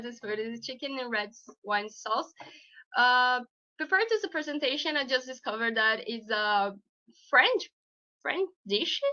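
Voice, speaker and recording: Bright student, halting speech. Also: female voice, a little high. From Brazil. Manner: halting, searching for words. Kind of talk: class self-presentation. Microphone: video call. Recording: dull lo-fi call audio.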